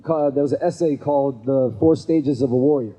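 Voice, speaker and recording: With a brisk, warm, mid-range voice that's slightly rough, a man gives a storytelling talk at a men's gathering to a live audience in an event venue. He chats conversationally, frequently asking "right?" and acting out the people in his stories, with a hall's long reverb in the background.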